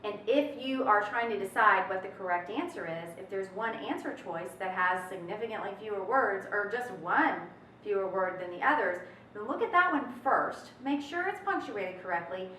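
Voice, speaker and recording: A woman's voice: medium pitch, animated, moderate pace, pushed and bright, a little hiss or hum. A woman teaching a recorded test prep lesson in an upbeat, chatty way with folksy asides. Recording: roomy echo, mic at a distance.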